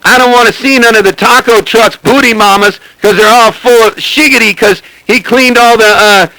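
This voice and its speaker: A man jokes and brags over CB radio and keeps calling out to get the other side's attention. His voice sits high and gravelly, with a bright, sharp edge. The sound is dry and close. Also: fairly even intonation, moderate pace, no echo, rough recording. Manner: joking, boastful, repeats "hey, hey, hey". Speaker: CB radio operator. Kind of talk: CB radio banter.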